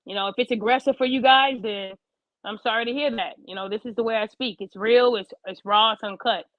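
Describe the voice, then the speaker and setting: A woman hosting a live online show, blunt, profane and passionate as she talks straight to her chat. Her voice sits on the higher side, and the sound is dull and lo-fi with a dry, close feel. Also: a little fast, dry recording. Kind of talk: livestream rant to chat.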